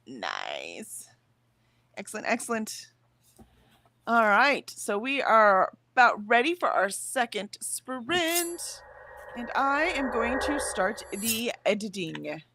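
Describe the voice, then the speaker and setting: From her bed at home, a livestream host with a slightly high voice speaks slowly over slight background noise. She reads viewer comments, chats energetically and laughs frequently.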